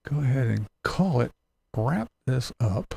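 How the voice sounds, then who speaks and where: A man's voice: medium pitch, animated, measured pace, gravelly, darkish tone, breathy edge. A man hosting a casual livestream, reading comments aloud and ranting bluntly with profanity and chuckles. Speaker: livestream host.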